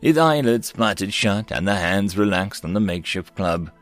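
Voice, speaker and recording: Male narrator of sci-fi stories, low and animated, soft music bed. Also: moderate pace, dry recording. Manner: expressive, varied storytelling. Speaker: story narrator. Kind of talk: scripted narration of science fiction stories.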